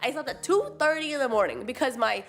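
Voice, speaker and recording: A young woman streamer with a slightly high voice tells lively, animated stories, putting on little voices for quotes and laughing often. Faint music plays behind her chat. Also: quick pace. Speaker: VTuber streamer. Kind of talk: casual chat with friends on stream.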